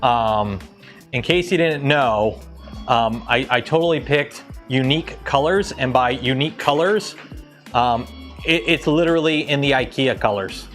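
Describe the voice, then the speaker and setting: A man's voice: medium pitch, a little slow, a bit bright, soft background music. A man hosting a livestream, chatting casually with viewers and rambling with many ums and self-corrections. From Canada. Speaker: livestream host.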